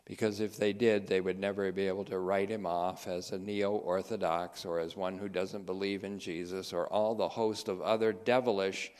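A man giving spoken theology commentary, emphatic and sardonic, reading quotations slowly with heavy stress. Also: low-pitched, a little mellow, clear, resonant tone. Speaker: teacher of a theology group.

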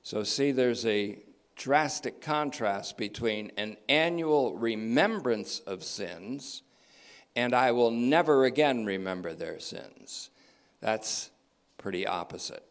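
A man teaching a Bible passage verse by verse, deliberate and emphatic, often repeating key phrases. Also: medium pitch, lively intonation.

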